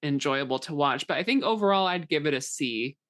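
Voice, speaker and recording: A woman co-hosting a podcast in casual chat, relaxed and hesitant with many fillers. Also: low voice, a little fast, no echo, clean studio sound. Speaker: podcast co-host.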